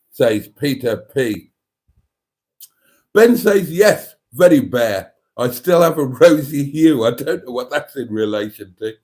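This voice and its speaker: A man hosting a casual livestream, reading out viewer comments in a chatty, jokey way. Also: fairly high pitch. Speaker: livestream host.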